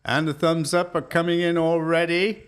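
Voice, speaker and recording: A man's voice: fairly high pitch, level tone, normal speed, clean tone. Jokey male talk-show host. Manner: jokey, laughs often. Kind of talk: casual chat.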